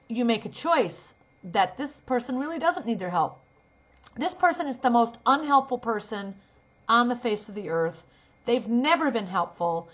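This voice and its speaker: A woman's voice: fairly high pitch, lively intonation, normal speed, a bit bright. A middle-aged woman teaching a casual acting lesson, acting out sample lines as she explains. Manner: demonstrates lines, shifting from earnest to sarcastic. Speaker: acting coach and talent manager.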